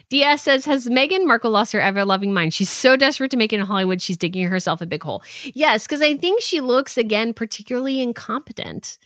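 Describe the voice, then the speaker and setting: A woman's voice: on the high side, expressive, fairly quick, a bit bright, dry recording. Brief: female livestream host, chatty and rambling, dry and slightly dull sound. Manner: chatty, rambling, reads viewer comments aloud. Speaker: host reading live chat. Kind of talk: casual livestream chat.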